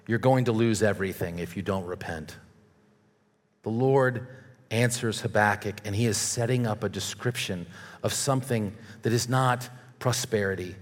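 A man's voice: lowish voice, moderate pace. Man preaching a sermon in a reverberant hall. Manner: earnest, warning tone, reads scripture aloud. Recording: long reverb of a large hall.

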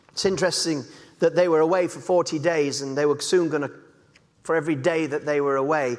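Male preacher, Yorkshire accent, fairly high voice, chatty sermon delivery, recorded in a reverberant hall. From Yorkshire, England. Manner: conversational, acts out little dialogues in different voices.

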